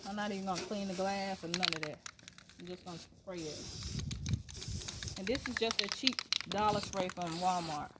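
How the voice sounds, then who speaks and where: A middle-aged woman vlogging casually from her dining room at home, talking fast and chatty to her viewers. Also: medium pitch, very noisy. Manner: fast-talking, chatty, says y'all a lot. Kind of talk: casual vlog chat.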